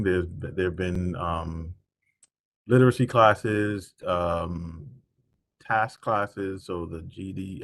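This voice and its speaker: A man's voice: low-pitched, a bit bright, a little hiss or hum. A man explaining community programs in an online meeting, hesitant with many fillers. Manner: hesitant, many ums and uhs. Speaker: community board member. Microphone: video call.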